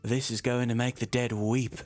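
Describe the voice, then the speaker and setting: A woman's voice: a bass voice, flat delivery, normal speed, darkish tone, faint music behind, pitched below the performer's own voice. A woman voicing a playful, teasing young man who jokes in a lazy drawl in a story game.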